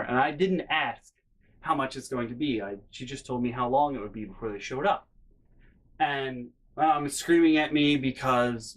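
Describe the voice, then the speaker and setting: A man vlogging a comedic story from his life in a lively, profane, self-mocking way. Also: mid-range voice.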